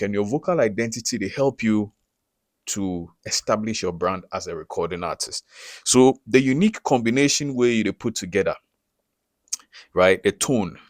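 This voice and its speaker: Guy, deep-ish voice, dry close sound, keeps asking if you get it. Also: dry recording. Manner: checks in often with rhetorical questions. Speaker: recording artist teaching branding. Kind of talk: casual explainer to camera.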